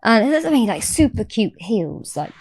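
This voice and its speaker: A woman guest on a podcast telling a story in casual chat, animated and swearing freely. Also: a little high, moderate pace, breathy edge, no room sound.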